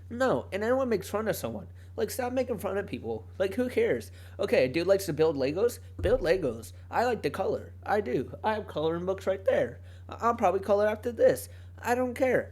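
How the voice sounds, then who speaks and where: A young man hosts a solo podcast from a home mic, rambling casually, often cutting himself off and laughing. His voice is high with a darkish tone.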